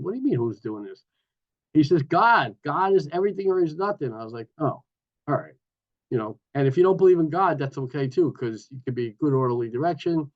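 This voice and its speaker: A man's voice: mid-range voice, dull audio. A man sharing his recovery story at an online meeting, rambling and emphatic, with lots of "you know.". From New York. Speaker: twelve-step speaker. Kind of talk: recovery share.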